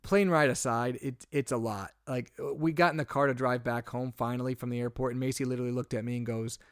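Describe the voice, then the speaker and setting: A young man co-hosting a podcast in casual chat, recounting a story with rising, exasperated energy. His mid-pitched voice sits close and dry on the mic, with no room sound around it. He talks in loose, rambling runs, full of restarts. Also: quick pace, clean tone, no room sound. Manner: animated storytelling, gets louder and higher when exasperated. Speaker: podcast co-host.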